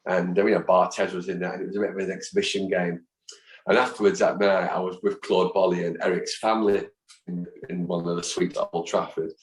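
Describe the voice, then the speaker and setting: A man in his fifties, a guest in a casual interview, telling animated anecdotes and acting out the voices of people he quotes. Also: low voice, fairly quick. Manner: animated storyteller who acts out quoted voices. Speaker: guest, football fan. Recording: echoey room.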